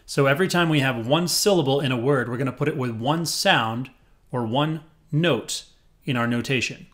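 Male music teacher, mid-range voice, patient and clear, counts in and chants rhythm syllables. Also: medium pitch, moderate pace, a bit bright. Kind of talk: rhythm reading lesson.

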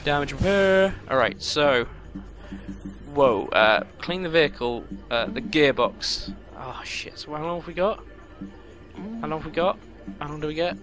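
Anxious, swearing gamer. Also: male voice, a little high, animated, a little slow. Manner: anxious, swearing self-talk. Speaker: gaming commentator. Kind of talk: let's play commentary. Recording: game music behind. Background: racing game music.

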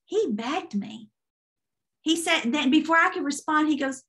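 A woman's voice: high voice, animated, unhurried, fairly bright tone. A woman minister giving an earnest testimony, retelling a dream vividly in a sermon. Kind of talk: sermon storytelling.

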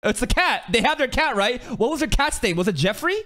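A man streaming a casual anime reaction, excitable, swearing and laughing often. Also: extremely high pitch, fairly quick.

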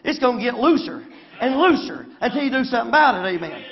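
A man's voice: very high-pitched, animated, quick pace, dull audio. A man with a Southern accent preaching a folksy sermon in church, often asking the congregation for an amen. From Arkansas. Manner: folksy, calls for amens. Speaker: pastor. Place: church sanctuary.

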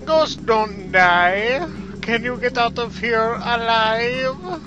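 A man's voice: extremely high pitch, muffled recording, voice pushed up, heavily acted. A man putting on a creepy taunting ghost. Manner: drawn-out, singsong taunting. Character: creepy taunting ghost, male, slow and eerie. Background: video game music.

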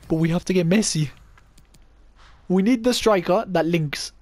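A young gaming YouTuber chats casually over his gameplay, thinking out loud and teasing himself. His voice is a little high with a darkish tone, at a moderate pace, in a dry recording.

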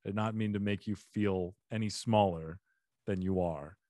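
Man with a deep radio voice. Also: fairly even intonation, normal speed, dark tone, no echo, clean studio sound. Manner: self-deprecating, jokey. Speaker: podcast host. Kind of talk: casual comedy chat.

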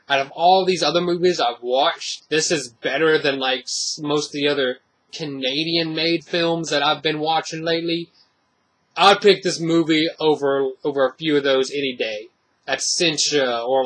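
Bright-voiced man rambling through a review. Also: on the high side. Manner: rambling, many fillers and restarts. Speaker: horror movie reviewer. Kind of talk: casual spoken movie review.

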